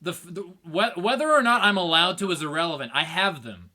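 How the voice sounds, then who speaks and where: High lively guy, slow and playful, trips over his words a lot. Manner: drawn-out, stammering restarts, playful. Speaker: wrestling show host. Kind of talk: casual podcast banter.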